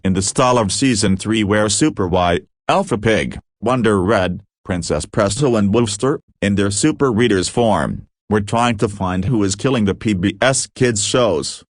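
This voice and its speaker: Guy reading a fan horror story, low voice, dry close sound. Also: animated, normal speed, few pauses, no room sound. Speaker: narrator.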